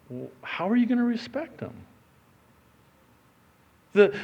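A middle-aged male pastor preaching a sermon with a fairly high voice that swoops widely in pitch. He takes his time, dropping low for asides and climbing into loud, emphatic lines.

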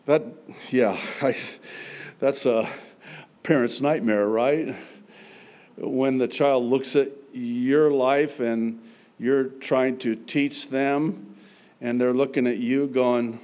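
Slow, emphatic pastor preaching. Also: male voice, medium pitch, steady tone. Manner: slow, emphatic preaching with self-deprecating humor and sudden loud outbursts. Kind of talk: sermon.

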